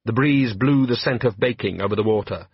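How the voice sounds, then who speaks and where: A man's voice: lowish voice, a little fast, husky, no room sound, dull audio. A man reading an audiobook aloud with dry, wry storytelling. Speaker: audiobook narrator. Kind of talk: audiobook narration.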